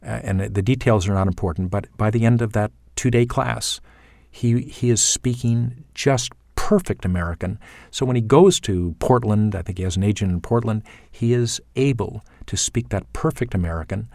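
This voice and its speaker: A middle-aged man coach. He talks in short phrases, pausing and restarting as he thinks. His voice sounds close and dry, with no room around it. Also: lowish voice, gravelly, darkish tone, no room sound. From Canada. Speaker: accent coach for actors. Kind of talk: casual spoken account.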